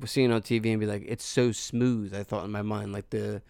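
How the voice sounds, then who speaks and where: A man's voice: on the low side, flat delivery, fast, vocal fry, a little mellow, clean tone, no room sound, clean studio sound. A man hosting a podcast in casual chat, rambling and searching for his words. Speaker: podcast host. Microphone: studio mic.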